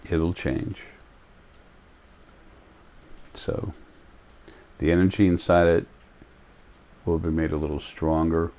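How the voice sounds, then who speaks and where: Man, very deep voice, rambling casual monologue, many fillers, calm delivery. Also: a little slow.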